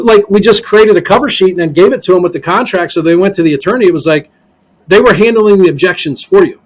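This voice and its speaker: A man's voice: fairly high pitch, slightly rough. A man telling stories in a casual podcast interview, full of ums, often acting out what other people said. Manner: animated storyteller, many ums, voices other people in quotes. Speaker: guest, real estate investor. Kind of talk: casual interview talk, acting out sales calls.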